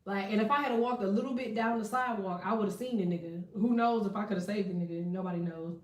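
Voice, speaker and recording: A woman's voice: medium pitch, fast talker. Woman rambling on a livestream, swears a lot, laughs, voice kinda far from the mic, roomy echo. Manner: profane, candid storytelling with laughter. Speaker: tarot and astrology reader. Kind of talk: casual livestream chat. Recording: echoey room, voice set back from the mic.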